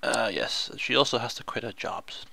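Excitable man with gravelly voice. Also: medium pitch, moderate pace, faint music behind. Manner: excitable, chatty, laughs and exclaims often. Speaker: gaming video host. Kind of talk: let's play commentary.

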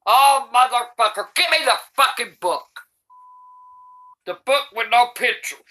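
Cranky old grandma cussing nonstop while she reads, slow drawl, really piercing bright voice. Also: fairly high pitch. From United States. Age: older. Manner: cranky, swears constantly, shouts in outrage. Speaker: comedy YouTuber grandmother. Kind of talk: comedic reading aloud.

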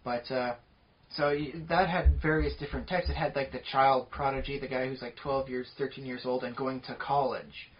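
This co-host's mid-range voice keeps a fairly even intonation and a moderate pace. Chatting casually on a podcast, he rambles talkatively at length and leans on many fillers, with the recording sounding dull and lo-fi.

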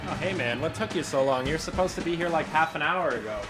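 A man's voice: a little high, quick pace, loud music behind the voice. A young man playing the lead's friend in a student parody film, talking in a casual, laid-back way full of slang. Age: young adult. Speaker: supporting actor playing a friend.

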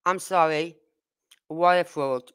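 A woman's voice: sits low, fairly even intonation, slow pace, smooth. A woman from Birmingham with a Brummie accent, hosting a true crime livestream and talking bluntly and indignantly straight to her viewers. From Birmingham, England. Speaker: true crime channel host. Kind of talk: casual livestream chat.

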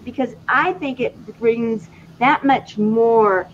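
Woman host, slow deliberate delivery, higher voice, muffled lo-fi sound, faint noise. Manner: slow, earnest, personal. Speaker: talk show host. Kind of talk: interview. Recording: dull, slightly lo-fi audio.

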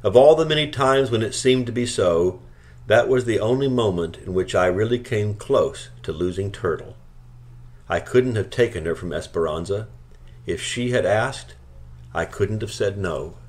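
A man narrating a novel chapter aloud in a calm, steady storytelling manner. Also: lowish voice, moderate pace. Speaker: audiobook reader. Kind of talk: scripted narration.

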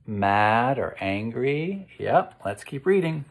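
A man reading a picture book aloud to children, asking them gentle questions as he goes. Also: lowish voice, expressive, slow. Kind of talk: interactive read-aloud.

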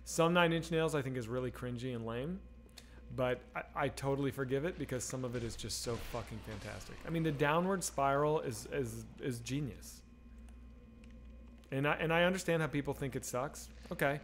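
A man with a mid-range voice streams a game and chats casually with his viewers, reading their messages at a moderate pace. His talk is profane, rambling and candid, with slight background noise.

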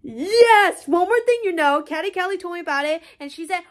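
A young woman chatting excitedly in a casual vlog, rambling with lots of fillers. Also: very high-pitched, fairly quick, few pauses. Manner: excitable, rambling, frequent "so basically". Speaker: vlogger.

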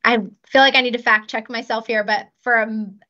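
A woman's voice: on the high side, steady tone, moderate pace, pushed and bright, lo-fi sound. A woman in her thirties, a child life specialist, explaining practical techniques step by step in an interview. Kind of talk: podcast interview.

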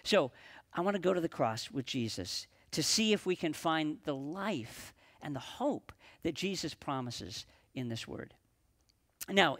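A man preaching a sermon as pastor at a live church service, earnest, slowing down and dropping his voice for emphasis. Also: a little high, fairly bright tone.

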